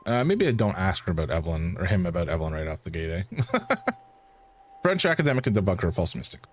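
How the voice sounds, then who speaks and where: Man, game streamer, casual chatty commentary, low pitch, lively intonation. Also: fairly quick, slight background noise. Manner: chatty, playful asides.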